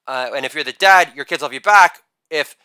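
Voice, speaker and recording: A man in his forties delivering a rapid-fire joke monologue, brash and crude, with loud shouted catchphrases. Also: a little high, smooth, dry recording. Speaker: comedian.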